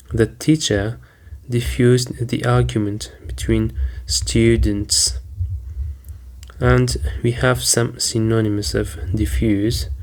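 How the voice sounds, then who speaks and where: Slow, flat-voiced male teacher. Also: lowish voice. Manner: slow, deliberate, with frequent "um" fillers. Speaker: English teacher. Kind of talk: vocabulary lesson.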